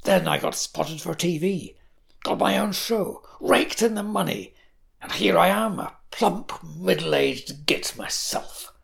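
Gravelly, sneering low-voiced woman. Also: animated, slow pace. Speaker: storyteller. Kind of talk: first-person story reading.

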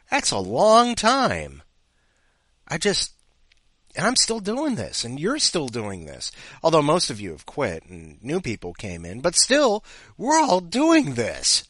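A man's voice: medium pitch, pushed and bright, dry recording. A man hosting a comedic podcast, rambling and self-mocking as he reads listener stories. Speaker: podcast host. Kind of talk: comedic podcast chat and story reading.

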